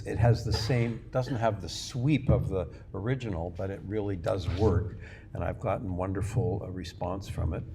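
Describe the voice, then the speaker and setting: Older male lecturer, low-pitched, chatty anecdotal storyteller, wry and self-mocking; noisy room recording. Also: warm tone. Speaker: guest lecturer, artist.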